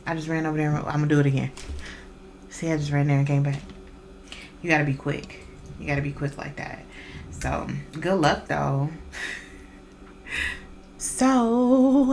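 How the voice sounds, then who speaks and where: A woman's voice: low voice, a little hiss or hum. A woman hosting a podcast, talking in a blunt, profane, casual monologue full of incredulous questions. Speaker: podcast host.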